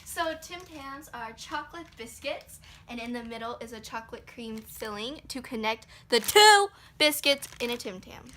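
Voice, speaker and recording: A woman's voice: a little high, lively intonation, moderate pace, few pauses, sharp tone, slight background noise. A girl co-presenting a school project video with a teasing, jokey manner.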